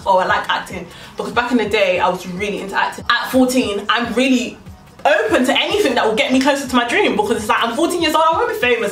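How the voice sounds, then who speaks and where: Woman, rapid lively vlog storyteller, recorded from a distance in a reverberant room. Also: medium pitch. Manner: animated, chatty storytelling, acting out quoted lines. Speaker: vlogger.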